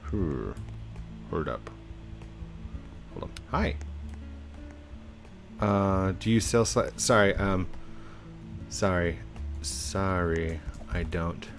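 A man with a deep, low-pitched voice narrates his gameplay in a relaxed, unhurried way. He chats to himself and his viewers and tosses in playful little sound words. Faint music plays behind him. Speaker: YouTube gamer. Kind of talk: casual let's-play commentary.

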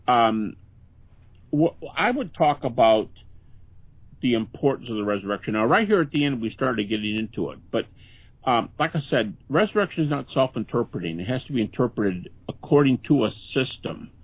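A man's voice: mid-range voice, moderate pace, dry recording. Earnest older man on a dull line. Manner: earnest, conversational, lively with many restarts. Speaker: guest scholar. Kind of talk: podcast interview. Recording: dull, lo-fi podcast audio.

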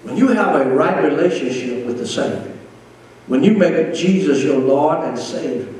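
A man, a pastor preaching a sermon with emphatic repeated phrases and slowly drawn-out scripture quotes. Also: on the high side, animated, darkish tone. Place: church. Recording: echoey church room from far off.

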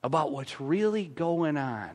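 A man's voice: on the high side, animated, a little slow. A man pastor with an American accent, preaching a conversational sermon in a church with frequent stammered restarts.

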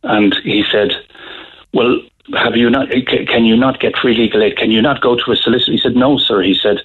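Husky Irish man over a phone line. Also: medium pitch, fairly even intonation. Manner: halting, many restarts, emotional retelling. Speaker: guest author. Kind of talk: radio interview, storytelling.

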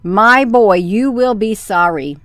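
A woman voicing a patient, motherly fairy who coaxes calmly in a storybook reading. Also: mid-range voice, slow pace, no room sound, studio quality. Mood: coaxing. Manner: calm, coaxing.

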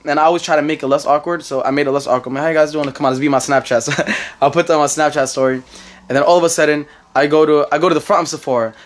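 A young man in his twenties with a New York accent, telling a rambling story to camera in a casual vlog, repeating himself and laughing often. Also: on the high side. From United States. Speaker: vlogger.

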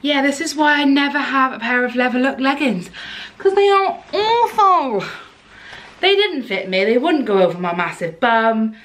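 A woman's voice: on the high side, expressive, brisk, few pauses, fairly bright tone. A young woman chatting casually to camera in a try-on haul, outspoken and exasperated. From United Kingdom. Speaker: fashion vlogger.

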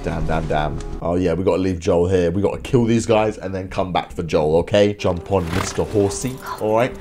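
A young man commentating a video game as he plays, excitable, swearing and yelping often. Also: deep voice, moderate pace, music in the background. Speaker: gaming YouTuber. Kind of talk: let's play commentary.

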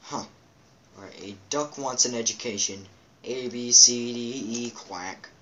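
A man's voice: medium pitch, unhurried, bright, forceful tone, lo-fi sound, a little hiss or hum. A man hosting a let's play, reading game captions aloud with goofy asides and playful quack and meow noises. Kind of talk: casual game commentary.

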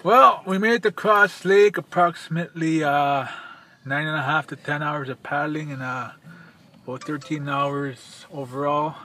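A man's voice: on the high side, normal speed, pushed and bright. A man from northern Manitoba narrating a casual travel vlog outdoors, giving short clipped progress updates into a handheld camera. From northern Manitoba, Canada. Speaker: trip vlogger. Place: outdoors by lakes and rivers. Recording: outdoor camera audio with clear background noise.

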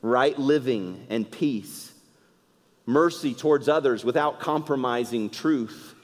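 A male pastor preaching a sermon, swinging between loud emphatic lines and quiet conversational asides. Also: mid-range voice, slow pace, big-room sound. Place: church sanctuary.

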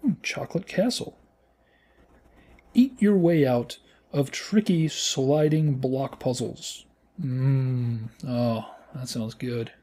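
A man gives casual, playful commentary while he plays a game, like the host of a gaming channel. His voice is mellow and warm, and it jumps into high squeals at the exciting moments. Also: takes it slowly, breathy edge. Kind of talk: casual let's-play commentary.

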